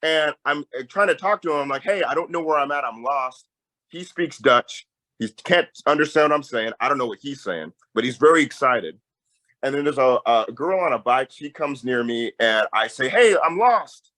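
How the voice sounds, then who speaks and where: A young man, a peace campaigner, telling a story in a lively conversational way. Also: mid-range voice, normal speed, low-quality recording. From Tacoma, Washington. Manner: animated storyteller, voice jumps up when excited.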